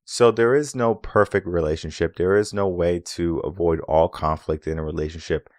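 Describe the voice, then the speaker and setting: Guy with a really low voice doing a relationship coaching talk, dry close sound, acts out little bits of dialogue as he goes. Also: normal speed, no echo. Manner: acts out quoted dialogue in an animated way; repeats points with rhetorical questions. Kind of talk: solo advice talk.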